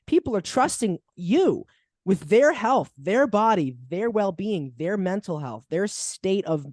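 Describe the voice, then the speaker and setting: A man hosting a podcast, telling a story in an animated, heated way, with loud mocking outbursts and low asides. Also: dry recording, clean studio sound. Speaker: podcast host.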